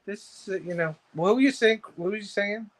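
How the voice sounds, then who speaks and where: A man's voice: high voice, normal speed. A male cartoonist in casual chat, rambling and giggling through absurd jokes. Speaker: cartoonist, co-host.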